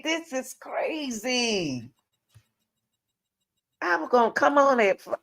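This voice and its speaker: A woman hosting a casual live stream, talking excitably and in scattered bursts, repeatedly telling viewers to hold on while she searches. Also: lowish voice. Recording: dull lo-fi audio.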